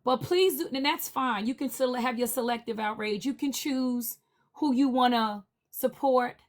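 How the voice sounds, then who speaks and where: A woman speaking on a livestream panel in a heated, indignant rant, repeating her demands forcefully. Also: sits high, normal speed.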